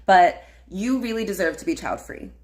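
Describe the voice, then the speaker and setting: A woman's voice: medium pitch, expressive, normal speed, darkish tone. A woman hosting a casual solo livestream, rambling with lots of fillers and "like". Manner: rambling, filler-heavy, frequent laughs and "like". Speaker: podcast host.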